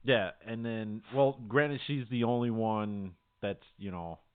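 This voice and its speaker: A man's voice: on the low side, slow, a little hiss or hum. A man co-hosting a podcast, talking in a laid-back, rambling way and laughing often. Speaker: podcast co-host. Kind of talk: casual chat. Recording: tinny phone-like audio.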